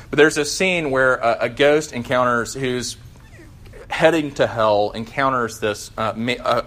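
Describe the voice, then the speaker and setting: A man preaches a sermon in a conversational, animated style, full of fillers and restarts. His pitch is medium.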